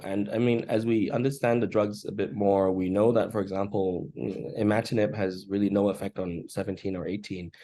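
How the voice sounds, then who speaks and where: A man, an oncologist, giving a measured talk in his early-morning voice over a video call, pausing often with "uh". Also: on the low side, steady tone, dark tone. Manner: measured, frequent "uh" pauses. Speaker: oncologist presenting research. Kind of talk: conference talk and Q&A.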